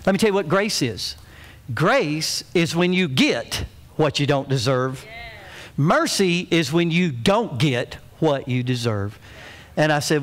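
Animated folksy preacher, high voice. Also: male voice, measured pace. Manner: folksy, animated storytelling with humor. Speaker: pastor. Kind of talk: sermon.

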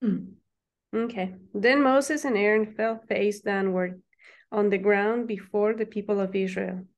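A woman with a mid-pitched voice reads scripture aloud during a Bible study on a video call. Her reading is steady and plain. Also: a little slow.

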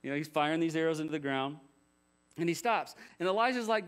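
A man's voice: on the high side, animated, quick pace. A man preaching a sermon as pastor, conversational, with rhetorical questions and jokey asides.

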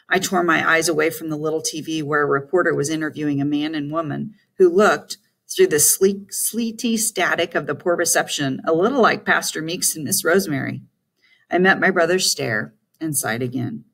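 Gravelly-voiced woman reading an audiobook. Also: low voice, moderate pace. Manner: first-person storytelling, lively voiced dialogue. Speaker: audiobook narrator. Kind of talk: scripted audiobook narration.

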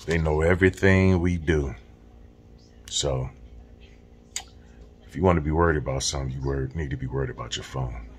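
A man's voice: a bass voice, moderate pace, pauses often, a little hiss or hum. A man talking casually and directly to his viewers as a vlogger. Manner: streetwise, direct, addresses viewers as y'all. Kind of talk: casual talk to camera.

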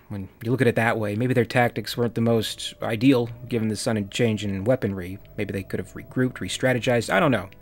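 A man's voice: on the low side, no echo. Dry, wry male video essayist. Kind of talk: comic review narration.

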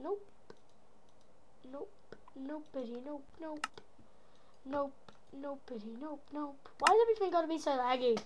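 A woman's voice: high-pitched, measured pace, long pauses, noisy background. A woman from Australia speaking with a put-on American accent, rambling playfully through gameplay commentary as a gaming channel host. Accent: American, put on over an Australian one. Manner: rambling, playful, making silly noises.

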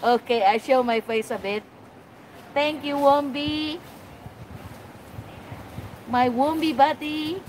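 High-pitched woman gushing over animals on a phone livestream, slow talker, noisy outdoor phone audio. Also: a little mellow. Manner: gushing, effusive, exclamatory. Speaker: wildlife vlogger. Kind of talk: excited live-stream chat. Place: outdoors at a wildlife sanctuary.

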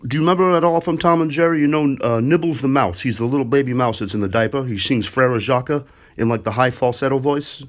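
A man's voice: mid-range voice, fast talker. Chatty man on a prank call. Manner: chatty, filler-heavy, upbeat. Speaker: prank caller, show host. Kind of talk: casual prank phone call.

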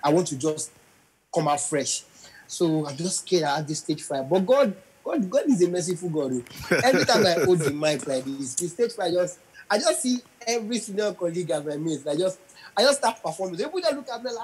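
A man's voice: sits high, brisk, slightly rough, low-quality recording. A young adult man, a comedian telling stories in an interview, acting out voices and singing lines. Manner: animated storyteller, acts out voices and sings lines. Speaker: comedian guest.

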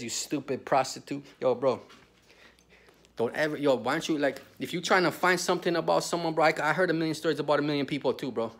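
A man's voice: a little high, fast talker, a bit bright. Man ranting with profane slang. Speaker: storyteller. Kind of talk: profane storytelling rant.

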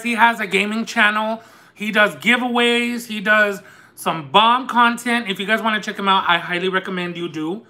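A man hosting a live eating stream, telling a story in an animated, chatty, lightly sarcastic way. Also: high-pitched. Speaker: mukbang host. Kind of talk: casual storytelling while eating on a livestream.

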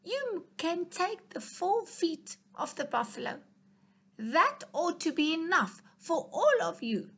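A woman's voice: very high voice, very animated, slow, a bit bright, voice pushed up, exaggerated voice. A woman voicing a proud, sneering little mouse. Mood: scornful. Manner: commanding, sneering. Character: proud selfish bossy little male mouse.

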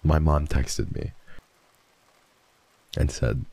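A young man streaming casual chat, mock-emo and swearing freely, dropping to mumbles and then jumping into excited high squeals. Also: measured pace, gravelly, pauses often, dry recording.

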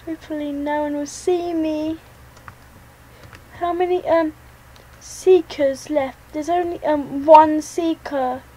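Jittery high-voiced woman. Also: steady tone, slow pace, mellow, poor audio. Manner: jittery, talks to herself while playing. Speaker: gaming channel host. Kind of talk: let's play commentary.

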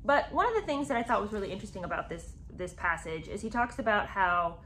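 This is a woman running a chatty video commentary on a book. Her tone is sarcastic and animated, with plenty of asides that pull the listener in. She talks like she's sharing gossip with friends. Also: medium pitch, fast talker, slight background noise. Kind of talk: casual book commentary with read-aloud passages.

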